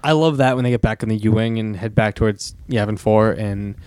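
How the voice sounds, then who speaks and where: A man's voice: on the low side, fairly quick, darkish tone, no echo. A man co-hosting a movie podcast, enthusiastic and laughing often as he talks about favourite scenes. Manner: enthusiastic, laughs often, quotes lines in a put-on voice. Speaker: podcast co-host. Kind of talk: casual movie discussion.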